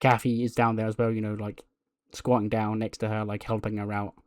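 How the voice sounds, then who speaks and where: A man's voice: on the low side, flat delivery, a little fast, darkish tone, no room sound, studio quality. A man casually narrating a game playthrough in a rambling way, laughing often. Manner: rambling, laughing, lots of fillers. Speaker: game streamer.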